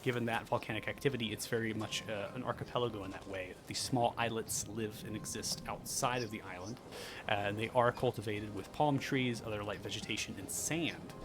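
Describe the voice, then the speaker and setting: A man's voice: fairly low pitch, brisk. A man narrating and explaining rules as game master in a tabletop game, hesitant and correcting himself as he goes. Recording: noisy background.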